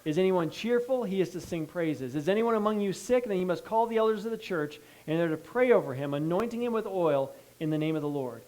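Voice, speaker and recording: A male pastor preaching a sermon, reading scripture and breaking in with asides, moving between hushed pleading and loud emphasis. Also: high voice, animated, a little fast, few pauses, rough recording. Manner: reads scripture then breaks in with asides and checks like "okay?".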